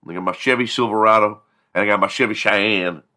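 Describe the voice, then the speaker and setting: A man voicing a bragging redneck teenage boy who drawls out tall tales in a fast, boastful patter. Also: on the low side, bright, forceful tone.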